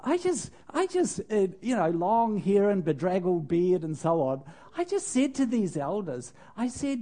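An older man, a preacher, telling a personal story in a sermon with animated, self-mocking humor and laughing at himself. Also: sits high, unhurried, few pauses.

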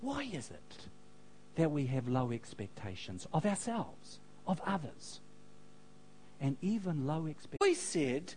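A man preaching a sermon, telling stories with animated delivery and joking asides to the congregation. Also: on the high side, slow, slightly rough, rough recording. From New Zealand. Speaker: pastor.

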